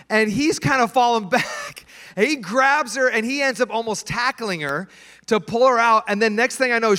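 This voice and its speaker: A pastor preaching a sermon, telling a story and acting out the voices and screams in it. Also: male voice, high-pitched, sharp tone, in a large hall. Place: church.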